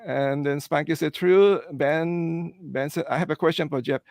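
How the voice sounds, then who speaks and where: A man's voice: a little high, normal speed, a little mellow, dry recording, studio quality. A man hosting a casual live stream, agreeable and hesitant, reading out viewer comments. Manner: agreeable, hesitant, reads chat comments aloud. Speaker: host.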